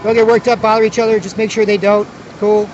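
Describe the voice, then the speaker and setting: A man's voice: high voice, little pitch movement, quick pace, darkish tone, dull audio, a little hiss or hum. A man vlogging outdoors at a city square, talking in a rambling, repetitive way with many restarts. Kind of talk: casual outdoor monologue.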